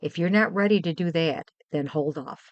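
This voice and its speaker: A woman's voice: lowish voice, normal speed, no echo, lo-fi sound. A middle-aged woman from Western New York, chatting casually and heartfeltly with her stream viewers, rambling and repeating herself. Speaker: livestream host.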